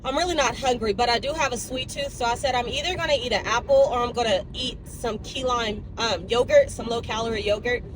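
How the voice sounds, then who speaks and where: A woman's voice: on the high side, fairly quick, hardly any pauses, noisy background. A young woman fitness vlogger talking casually and animatedly to her viewers, recorded on a phone in her car and later in a gym locker room. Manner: chatty, animated, speaks to viewers as y'all. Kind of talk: casual chat to camera.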